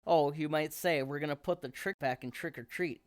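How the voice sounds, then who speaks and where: A man's voice: fairly high pitch, normal speed, smooth, lightly acted. A man voicing a swaggering, scheming young bully bear cub in a storybook. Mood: cocky.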